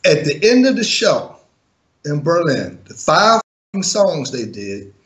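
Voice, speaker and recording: A man's voice: a little high, very animated, slow, a bit bright. A man and former music manager telling a story in an interview, blunt and profane, chuckling now and then.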